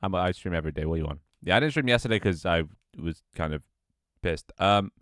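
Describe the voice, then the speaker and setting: Worn-out guy on stream, deep smooth voice, sweary offhand chatter, dry close mic. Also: animated, fast talker, fairly bright tone, dry recording. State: tired and out of breath. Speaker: Twitch streamer. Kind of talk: casual livestream chat.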